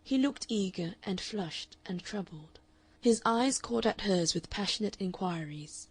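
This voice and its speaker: A woman's voice: mid-range voice, measured pace, slightly rough, dry recording. Woman narrating a classic novel. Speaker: audiobook narrator. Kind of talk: scripted narration.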